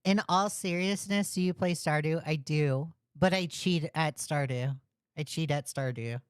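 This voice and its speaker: A woman's voice: deep voice, unhurried, clean tone, dry recording, clean studio sound. A woman hosting a livestream, reacting to a video with blunt, profane, mocking commentary. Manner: taunting, mocking, breaks into laughter.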